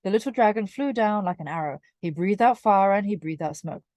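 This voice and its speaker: A woman reading a children's picture book aloud in a clear, measured way. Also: medium pitch, animated, darkish tone, dry recording. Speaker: storyteller.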